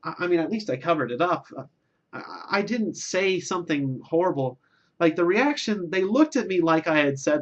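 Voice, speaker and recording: A man's voice: a little high, normal speed, highs cut off. A man delivering a rambling, self-deprecating comic monologue, with lots of filler words and restarts. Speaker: vlogger.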